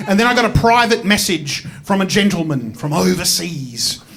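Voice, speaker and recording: An Australian man performing stand-up comedy on stage, swinging from mumbled asides to loud outbursts. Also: high-pitched, big pitch swings, normal speed, vocal fry, a little hiss or hum. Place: stage at a live comedy show.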